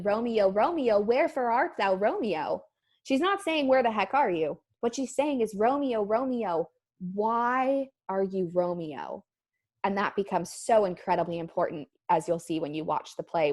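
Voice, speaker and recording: A woman teacher giving a recorded lesson, upbeat, explaining terms slowly and acting out short examples. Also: medium pitch.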